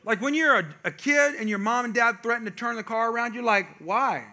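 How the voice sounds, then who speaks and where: A man telling a humorous family story to a live audience, with chatty asides to the crowd. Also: very high voice. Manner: animated, jokey asides to the audience; quick, chatty, self-interrupting. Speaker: speaker addressing a live audience.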